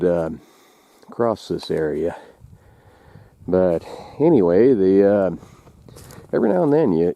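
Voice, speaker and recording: A man's voice: low-pitched, mellow, no room sound. A man casually narrating outdoors in the snowy woods, folksy and rambling with lots of fillers. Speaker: outdoors vlogger and trapper. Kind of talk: casual walk-and-talk narration and joke telling.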